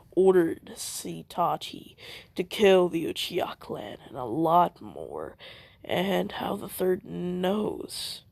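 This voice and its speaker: Rambling fan storyteller, slow and gravelly. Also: mid-range voice, dry recording. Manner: rambling, full of fillers and self-corrections.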